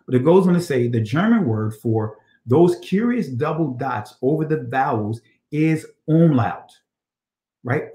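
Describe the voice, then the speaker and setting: A man's voice: medium pitch, mellow, roomy sound. A man teaching a scripture study lesson on ancient Hebrew, reading passages aloud and checking in with "all right?" and rhetorical questions.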